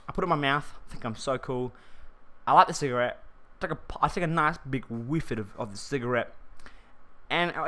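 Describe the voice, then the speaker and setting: A man's voice: medium pitch, pushed and bright. A man telling a personal story for his vlog in a rambling, slangy way, restarting his sentences often.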